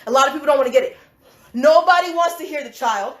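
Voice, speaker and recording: A woman's voice: high-pitched, fast talker, reverberant. A woman with school-age children, ranting on a casual livestream, laughing often and swearing as she talks. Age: adult with school-age children. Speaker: livestream host.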